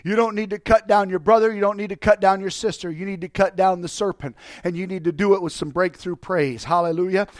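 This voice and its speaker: With a high voice, fairly even intonation, and brisk delivery with few pauses, a man gives a fervent sermon to his church. As pastor in the sanctuary, he exhorts the congregation with urgent repetition and bursts into song; there is no room sound.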